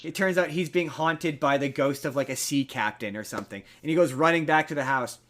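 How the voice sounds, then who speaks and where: A man's voice: a little high, fairly quick, fairly bright tone. A man hosting a podcast, casually retelling a film plot in a rambling way full of fillers. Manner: rambling storyteller, filler-heavy. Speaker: podcast host. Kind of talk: casual chat.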